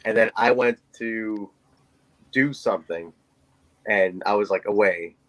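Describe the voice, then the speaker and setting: Speaking in an unhurried, lower-leaning voice over poor audio, a forties-aged male podcast co-host spins a story casually. He's an animated storyteller who performs the voices of the people involved.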